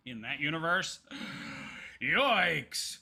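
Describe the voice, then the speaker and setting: A man with a sharp-toned, medium-pitched voice hosts a casual commentary livestream at a moderate pace. He rambles hesitantly, with lots of ums and restarts, while reading chat and choosing topics.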